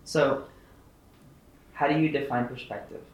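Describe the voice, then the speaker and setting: A man's voice: a little high, steady tone, a little slow. A man co-hosting a casual podcast, prompting with short questions. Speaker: podcast co-host asking questions. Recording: echoey room.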